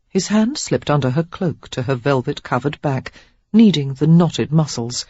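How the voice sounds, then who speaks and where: A woman narrating a romance audiobook, measured and expressive. Her voice is husky and her pitch rises and falls widely. The recording sounds dull and dry. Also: no echo. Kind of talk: scripted narration.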